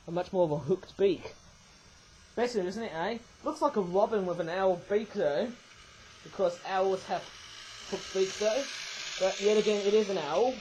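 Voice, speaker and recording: A man's voice: sits high, slight background noise, rough recording. A man rambling through a casual toy review at home, often tagging lines with "eh" and correcting himself. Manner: rambling, tag questions with "eh", frequent self-corrections. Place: home room with a toy train layout.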